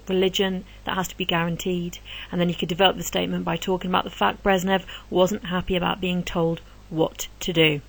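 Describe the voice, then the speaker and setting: A woman history teacher giving an exam revision lesson, explaining answers step by step in a brisk, encouraging way. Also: medium pitch, poor audio.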